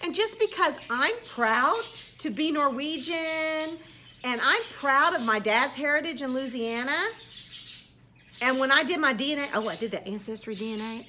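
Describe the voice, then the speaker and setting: A middle-aged woman, a teacher, chatting casually into the camera and telling stories about her students with animated quoted voices. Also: high voice, a little hiss or hum. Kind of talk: casual vlog monologue.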